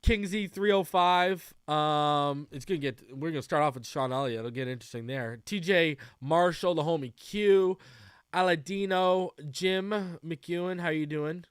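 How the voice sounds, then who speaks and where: A man's voice: a little high, normal speed, clear, resonant tone, no echo, clean studio sound. A male podcast host in casual livestream chat, loose and talkative, greeting viewers by name with frequent fillers and restarts.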